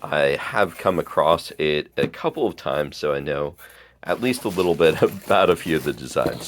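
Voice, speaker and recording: A man casually unboxing and talking through a collectible beer tap handle, relaxed and rambling with small laughs. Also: rumbling low, moderate pace.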